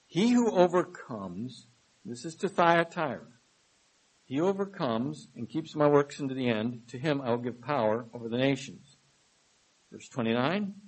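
A man preaching a sermon. He reads scripture verses aloud with emphasis and then explains them in a measured way. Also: mid-range voice, low-quality recording. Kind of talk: sermon, Bible study reading.

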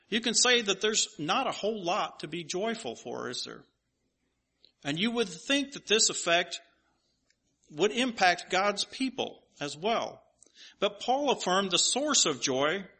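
A man's voice: high-pitched, bright, forceful tone, slightly rough. A man preaching a sermon and reading scripture aloud, emphatic and asking rhetorical questions at an uneven pace.

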